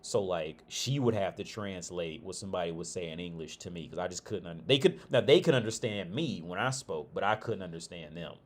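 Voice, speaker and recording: A man's voice: deep voice, lively intonation, fairly quick, few pauses. A middle-aged man from Ohio chatting casually on a livestream, rambling and swearing with frequent restarts. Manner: rambling, profane, loose restarts. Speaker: streamer.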